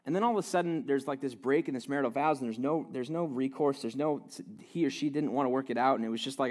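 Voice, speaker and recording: A man's voice: mid-range voice, animated, fast, hardly any pauses. A young adult man preaching a sermon from a stage in a conversational, self-deprecating way, often restarting and repeating words. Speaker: pastor.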